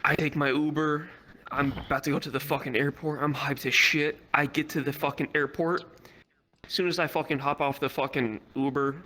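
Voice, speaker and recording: A man's voice: a little high, moderate pace. A young man telling a rambling, profane story at a virtual reality comedy club. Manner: rambling, heavy swearing, animated.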